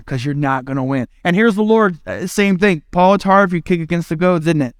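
A man's voice: high-pitched, normal speed, dry recording, clean studio sound. A middle-aged male pastor from the American Midwest, preaching in a conversational, self-deprecating way and acting out quoted lines. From Indiana, United States. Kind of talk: sermon.

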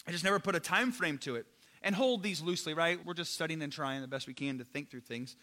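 A man's voice: sits high, bright, forceful tone, long reverb tail. A man preaching a sermon in a casual, conversational way, often turning to his listeners directly. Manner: casual, conversational, addresses listeners as "you guys". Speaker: pastor.

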